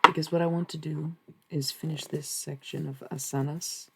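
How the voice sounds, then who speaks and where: Gravelly-voiced streamer chatting loosely. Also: medium pitch, little pitch movement, normal speed, very noisy. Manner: rambling, profane, talks back to chat. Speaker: live streamer. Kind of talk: casual live-stream chat.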